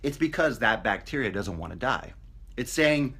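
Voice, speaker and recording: Husky yet fairly bright, this man's slightly high voice moves at a normal speed with lively intonation. Speaking casually to camera as a fitness coach, he motivates bluntly and profanely, mimicking people in put-on voices to mock them.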